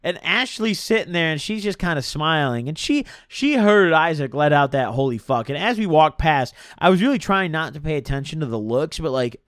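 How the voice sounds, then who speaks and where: A young man spins a rambling, slangy story, his pitch bouncing up and down as he goes. His voice sits a touch high for a man. The sound is dry and close, with no room echo. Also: fairly bright tone. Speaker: streamer. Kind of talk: casual storytime.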